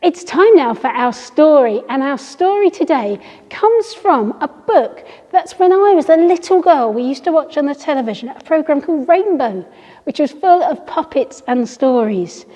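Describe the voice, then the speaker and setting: A middle-aged woman leading a toddler group in a church hall, coaxing and bright as she talks to small children before reading them a story. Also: high-pitched, expressive, normal speed. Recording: dull sound with long hall reverb.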